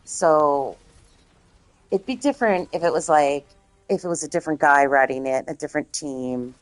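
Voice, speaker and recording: A woman streamer chatting casually and rambling, swearing freely, her voice slightly hoarse. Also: sits low, moderate pace, no echo, soft background music. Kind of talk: casual chat.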